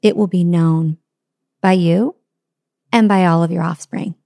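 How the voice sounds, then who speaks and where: A woman voicing a wise calm elephant. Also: on the low side, unhurried, gravelly, no room sound. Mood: serene, assured.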